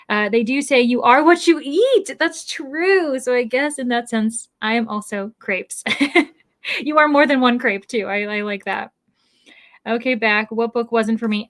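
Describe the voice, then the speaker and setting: A woman hosts a live stream in a relaxed, chatty style, reading viewer comments aloud and reacting with quick, bubbly exclamations. Her voice sits a little high. The sound is dry, with no room echo. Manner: frequent fillers and self-restarts.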